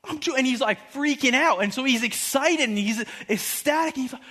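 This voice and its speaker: Young male preacher, 20s, high and bright voice, animated storyteller. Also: moderate pace. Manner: animated storytelling, acting out quotes. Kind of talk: sermon.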